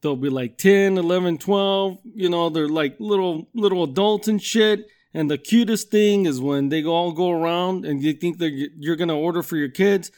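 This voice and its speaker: A middle-aged man with a fairly high voice for a man runs through a comic rant on his podcast. He swears constantly and wanders from story to story in a loose, rambling way. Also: normal speed, few pauses, a little mellow. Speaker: podcast host. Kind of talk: comedic rant monologue.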